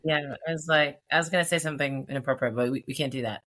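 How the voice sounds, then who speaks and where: Low-voiced woman moderating a podcast. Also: fast talker, fairly bright tone. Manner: moderating, passes turns. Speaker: podcast co-host. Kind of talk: casual chat.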